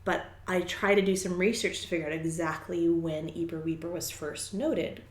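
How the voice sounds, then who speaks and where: A woman's voice: fairly low pitch, steady tone, normal speed, echoey room. A young woman co-hosting a podcast, explaining things at length in casual chat with lots of fillers. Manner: rambling explainer with many fillers. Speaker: podcast co-host.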